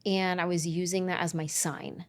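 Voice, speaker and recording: A woman in her forties from San Jose, California, a comedian guest telling her story in a casual interview, animated. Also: lowish voice, moderate pace. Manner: animated, acts out quoted voices.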